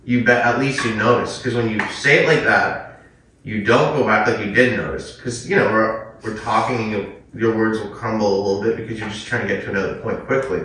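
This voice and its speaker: A man's voice: on the low side, a little fast. Rambling crude man on an echoey podcast. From Canada. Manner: rambling, crude, laughs often and loudly. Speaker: podcast host. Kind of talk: crude improvised comedy chat. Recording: roomy echo, mic a bit far off, faint noise.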